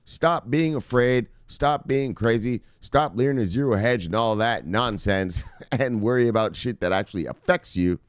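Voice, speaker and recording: A man hosting a crypto news show, talking casually and brashly to his viewers, swearing often and reading out viewer shout-outs. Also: mid-range voice, normal speed, smooth, dry recording, studio quality. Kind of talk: casual profane market commentary to viewers.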